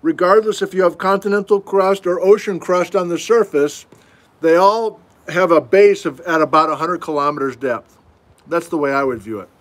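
In a relaxed livestream from his house, a middle-aged geology instructor chats through viewer questions in a folksy way, teasing himself along the way. His fairly high voice keeps a moderate pace, and the sound suggests a webcam or desk mic in a home room.

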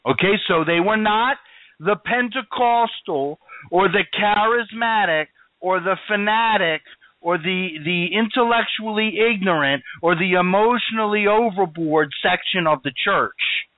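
A man's voice: sits high, a little slow, no echo, phone-quality sound. A man preaching a sermon with emphatic, rising and falling delivery.

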